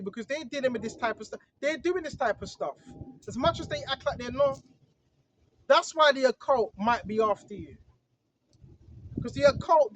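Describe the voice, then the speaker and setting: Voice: high voice, slight background noise. A speaker preaching informally, emphatic and repetitive, checking in with the listener again and again. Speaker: online preacher. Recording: dull lo-fi recording.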